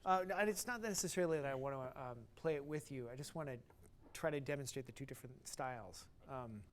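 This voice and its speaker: A man's voice: mid-range voice, fast talker, slight background noise. A man teaching a brass master class, singing rhythms aloud on syllables to show phrasing. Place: concert hall stage.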